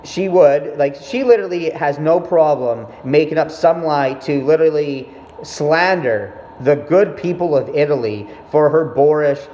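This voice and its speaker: A man's voice: on the high side, darkish tone. A young man telling a rambling, profanity-laced story about his mother in a casual monologue. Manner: rambling, profane, self-interrupting. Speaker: vlogger. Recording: echoey, dull room sound with faint noise.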